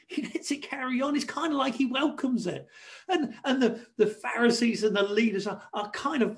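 A man preaching a sermon, expressive and varied, acting out quoted voices and shushing as he tells the story. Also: extremely high pitch, moderate pace, creaky.

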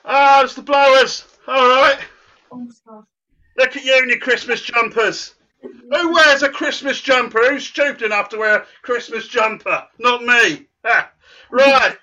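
A man's voice: extremely high pitch, steady tone, unhurried, sharp tone, full character voice. A man voicing a cocky, boastful male quizmaster character who teases the kids in a comic church sketch. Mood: smug teasing. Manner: teasing, boastful, playfully smug. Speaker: quiz host at a church service. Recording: muffled lo-fi recording.

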